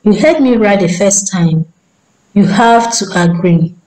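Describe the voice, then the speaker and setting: A woman's voice: mid-range voice, animated, measured pace, darkish tone, echoey room, lightly acted, rough recording. A woman voicing a bold young male hunter who speaks in a teasing, self-assured way. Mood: cheeky.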